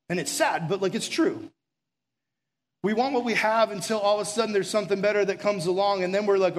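A man preaching a casual sermon, telling stories and acting out the voices in them. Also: high voice. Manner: casual storytelling, acts out quoted voices, drops to soft and slow near the end.

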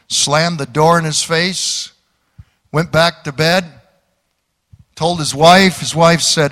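A man's voice: on the high side, unhurried, a bit bright, long reverb tail. A man preaching a sermon, folksy and joking, with emphatic calls to the congregation. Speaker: pastor.

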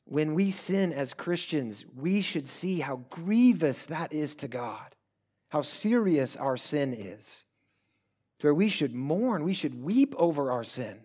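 A male pastor preaching a sermon earnestly, swelling loud at times and dropping to hushed pleas. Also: on the high side, sing-song, slow, breathy edge.

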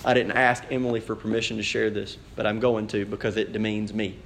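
A married adult pastor delivers a sermon in a church sanctuary, sharing a personal story in a conversational way and speaking straight to the congregation. His voice is lowish and a bit bright, with little pitch movement, vocal fry and a slightly fast pace, and the echoey recording carries a little hiss or hum.

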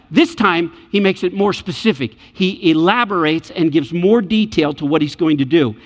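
A man preaching a sermon in a church, animated and acting out the voices in the scripture scenes he retells. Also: high-pitched, normal speed, hardly any pauses. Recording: muffled church hall reverb.

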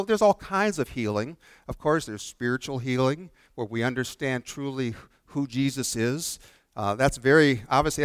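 A man's voice: mid-range voice, a bit bright, clear, resonant tone, dry recording, clean studio sound. A man preaching a sermon as pastor, earnest and repeating phrases for emphasis. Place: church sanctuary.

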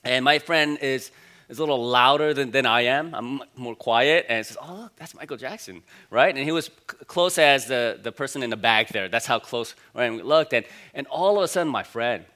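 A pastor in his forties preaching a sermon in a church, in a relaxed, conversational storytelling way with plenty of "uh" and "you know" fillers. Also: mid-range voice, fairly quick. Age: 40s.

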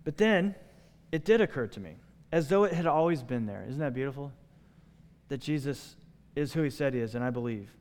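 Male pastor, sermon storyteller; clear, resonant tone with a long hall reverb. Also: mid-range voice, fairly quick, long pauses. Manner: animated storytelling, acting out quoted voices.

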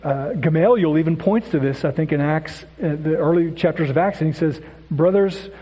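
A man's voice: on the high side, normal speed, dark tone, slightly rough. A man giving a casual Bible lesson, often asking "right?" and stumbling over repeated words. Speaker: Bible teacher. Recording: echoey hall with long reverb.

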